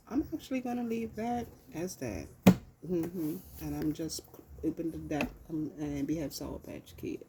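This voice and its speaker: A woman's voice: low voice, background noise. A woman giving a casual, profane tarot reading, talking loosely to herself as she pulls cards. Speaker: tarot reader.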